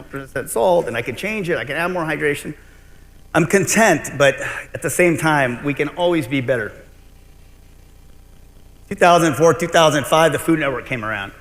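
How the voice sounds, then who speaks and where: A middle-aged man giving a conference keynote, telling stories with animated delivery and joking with the crowd. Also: fairly high pitch. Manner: storytelling, animated, jokes with the crowd. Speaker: keynote speaker. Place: large convention hall. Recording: long reverb of a big hall.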